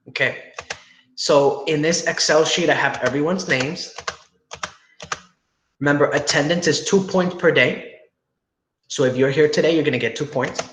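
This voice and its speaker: A young male teacher speaks over a video call in a fairly high, patient voice, walking students through each step and checking in often. The room sounds echoey, with a faint hiss of noise behind him. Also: fairly bright tone. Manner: patient, explains step by step with frequent "right?" checks. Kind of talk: online class instruction.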